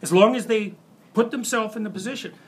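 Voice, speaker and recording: High-pitched man lecturing. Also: fairly quick, slight background noise. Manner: conversational, builds examples with quoted inner voices. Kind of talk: university lecture. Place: lecture hall.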